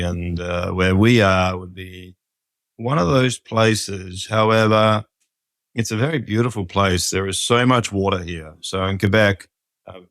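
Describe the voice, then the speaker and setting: An Australian farmer being interviewed, easygoing and plain-spoken. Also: male voice, low voice, a bit bright, no echo. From Western Australia. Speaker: farmer and guest. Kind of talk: casual interview over a call.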